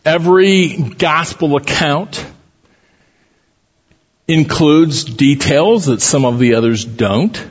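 A man's voice: a little high, slow, pauses often, husky. A man, a pastor, reading scripture aloud with dramatic lifts for the quoted lines, then teaching from it in a church. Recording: long hall reverb, dull lo-fi sound.

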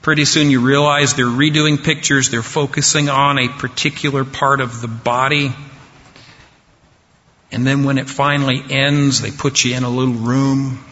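A man preaching a sermon slowly and deliberately, pausing for effect. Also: medium pitch, steady tone, sharp tone. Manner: slow, deliberate preaching with dramatic pauses. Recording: dull sound with long hall reverb.

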